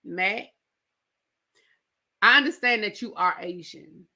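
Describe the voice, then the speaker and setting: A woman's voice: medium pitch, slow pace. A woman reviewing a reality show in a casual, slangy recap, acting out what the cast said. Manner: animated storyteller acting out quotes, slangy asides.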